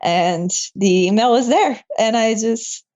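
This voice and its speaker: A woman's voice: a little high, slow pace, darkish tone, lo-fi sound. A young woman, a medical student, telling her story in a casual interview, emotional and laughing often.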